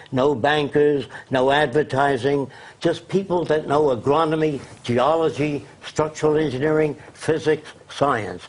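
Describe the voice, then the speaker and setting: Older male guest, husky, lectures with force, a bit high-voiced. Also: a little mellow, poor audio. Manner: emphatic, lecturing. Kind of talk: interview.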